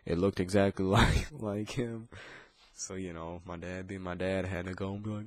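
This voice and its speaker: A man's voice: low voice, steady tone, moderate pace. A man ranting casually, swearing constantly and rambling with frequent restarts. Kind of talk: casual profane rant.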